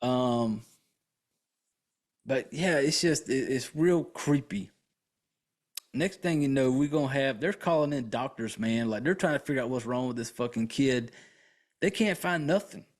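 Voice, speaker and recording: A man's voice: medium pitch, measured pace, long pauses. Profane, rambling male podcast host. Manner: laid-back, chatty, full of fillers. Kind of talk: casual movie recap.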